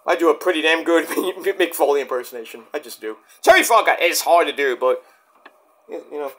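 A man's voice: a little high, animated, a little fast, a bit bright, a little hiss or hum. A man giving a rambling, profane, casual review of a wrestling event.

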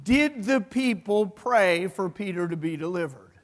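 A male pastor tells a scripture story to his congregation, swinging from booming to hushed. His voice sits unusually high for a man. It rings out in a church sanctuary with a long, trailing reverb. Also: unhurried. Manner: storytelling, animated, swings between loud and hushed. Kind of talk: sermon.

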